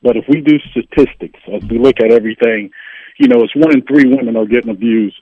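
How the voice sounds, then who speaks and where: A man calling in to a radio talk show, measured and earnest. His voice comes through dry and dull, like a lo-fi phone line. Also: mid-range voice, lively intonation, breathy edge, no echo. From North Carolina. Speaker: caller. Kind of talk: radio call-in comment.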